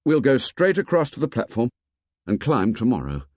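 Brief: an earnest, troubled boy chief, read by a man, lively speech, dry close sound. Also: mid-range voice, normal speed, no echo. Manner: earnest, despairing.

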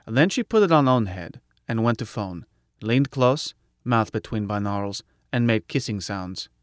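A man's voice: on the low side, animated, normal speed, dry recording, clean studio sound. A man narrating a story in the first person, with blunt, clipped phrasing. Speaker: audiobook narrator.

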